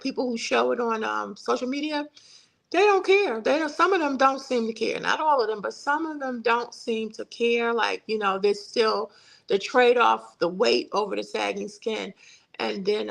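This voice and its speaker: Gravelly middle-aged woman chatting live. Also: fairly high pitch, fairly bright tone, low-quality recording. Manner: chatty, folksy, reads viewer comments aloud. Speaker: livestream host. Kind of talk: casual live-stream chat.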